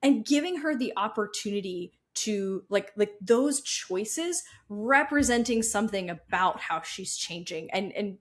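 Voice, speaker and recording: A woman's voice: mid-range voice, animated, unhurried, hardly any pauses. An American woman co-hosting a podcast, talking thoughtfully about a book in casual chat, full of fillers and light laughs. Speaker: podcast co-host.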